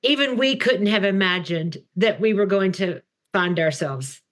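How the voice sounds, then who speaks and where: Woman, podcast guest, mid pitch, earnest measured talk. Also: lively intonation. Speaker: guest from an extremism research group. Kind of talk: casual conversational interview.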